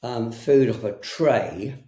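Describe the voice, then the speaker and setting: Slow-spoken hesitant man, interview guest, echoey room sound. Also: mid-range voice, mellow. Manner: hesitant, frequent ums and restarts. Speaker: herbalist guest. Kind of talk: conversational interview. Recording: roomy echo.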